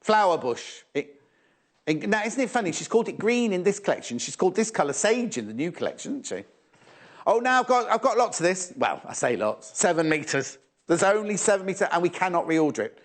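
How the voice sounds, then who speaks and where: A man's voice: sits high, sing-song, fairly quick. A man presenting fabrics live on a shopping channel, chatty and teasing, often repeating prices and stock levels.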